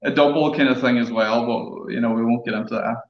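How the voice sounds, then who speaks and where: A man answering as a guest in a casual interview, easygoing and halting, repeating words. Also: medium pitch, fairly even intonation, crowd noise. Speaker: distillery guest. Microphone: video call. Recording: muffled roomy video call audio.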